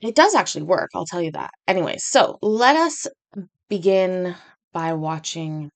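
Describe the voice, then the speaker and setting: A woman's voice: lowish voice, lively intonation, normal speed. Chatty woman hosting a livestream. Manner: chatty, rambling, self-deprecating. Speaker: host. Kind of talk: casual livestream chat.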